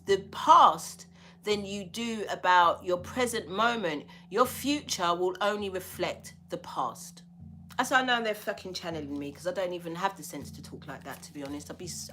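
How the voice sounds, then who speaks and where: A woman's voice: medium pitch, fairly bright tone. A woman giving a spiritual tarot reading, talking bluntly and emphatically with a lot of swearing. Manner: blunt, profane, emphatic preaching.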